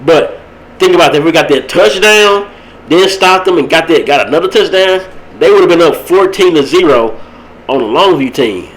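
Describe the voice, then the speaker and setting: A man's voice: on the high side, normal speed, poor audio. Rambling man on a podcast. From Texas. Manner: rambling, animated, laughs at his own stories. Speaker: podcast host. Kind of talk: casual sports talk.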